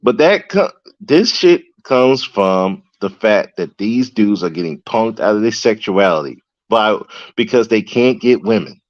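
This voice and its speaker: A man's voice: on the low side, animated, unhurried, dry recording. A man hosting a podcast, telling stories from his job as a correctional officer in a casual, profane, slangy ranting style, with lots of fillers and restarts. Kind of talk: casual storytelling rant. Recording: dull lo-fi dry sound.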